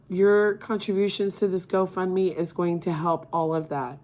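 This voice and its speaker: A middle-aged woman speaking as a grieving mother, emotional and halting, near tears at times. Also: lowish voice, mellow. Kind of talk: personal appeal to camera.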